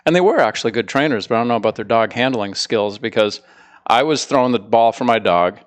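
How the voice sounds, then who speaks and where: A man's voice: medium pitch, lively intonation, fast. A man co-hosting a casual podcast, laid-back and teasing, playing devil's advocate and telling long anecdotes. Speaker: podcast co-host, dog trainer.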